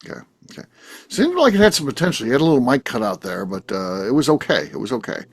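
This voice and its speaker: Lively-voiced man hosting a podcast. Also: mid-range voice, breathy edge. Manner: lively, quick reactions, runs show segments. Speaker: podcast host. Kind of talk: casual hosting.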